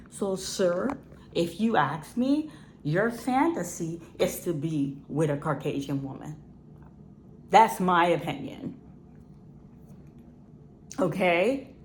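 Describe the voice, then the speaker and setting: A woman's voice: fairly low pitch, a little mellow, a little hiss or hum. A woman filmmaker from Ohio speaking bluntly and emphatically to her viewers, repeating words for stress. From Ohio, USA. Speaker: independent filmmaker. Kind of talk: casual direct-to-camera talk.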